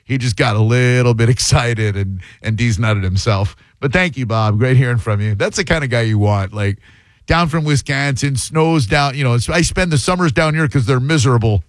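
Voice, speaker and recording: A man hosting a call-in radio show, answering callers with quick jokes. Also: medium pitch, no echo, studio quality. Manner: joking, quick comebacks. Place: radio studio. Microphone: studio microphone.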